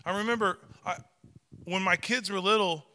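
Bright-voiced man preaching a lively sermon. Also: high voice, moderate pace, long reverb tail. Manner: animated storytelling with playful acted quotes. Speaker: pastor.

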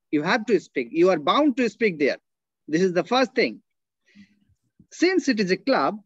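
A high-voiced man with an Indian English accent leads an online workshop for teachers. The sound is dry and a little dull, like a lo-fi video call. He keeps checking in with his listeners as he explains. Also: fairly bright tone, dry recording. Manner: explains with repeated checking tags like "right?" and "okay?". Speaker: workshop speaker, linguist. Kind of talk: online teacher-training talk.

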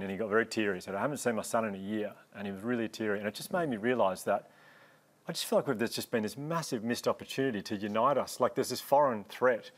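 Fast-talking Australian man, earnest. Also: on the low side. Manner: earnest, rambling storytelling with restarts. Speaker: panel guest. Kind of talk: answering on a televised panel.

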